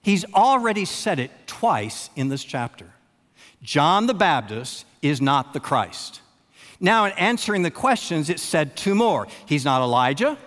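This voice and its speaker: A man preaches in a big hall with a long tail of reverb, his pitch on the higher side and leaping widely. He repeats lines for effect, pauses long, and drops from loud stresses to near hushes. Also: big pitch swings. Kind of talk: sermon.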